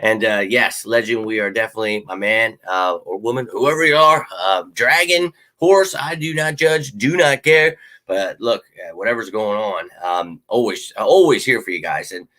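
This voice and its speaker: A man's voice: lowish voice, expressive, normal speed, sharp tone. A man hosting a casual live fan Q&A from his home office, talking loosely, swearing casually and calling viewers man and dude. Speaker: sports show host.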